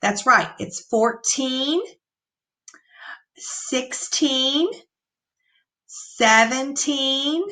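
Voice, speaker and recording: A woman teacher giving an online reading lesson to young children, reading sentences aloud slowly and patiently. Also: medium pitch, bright, forceful tone. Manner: slow, clear, patient read-aloud.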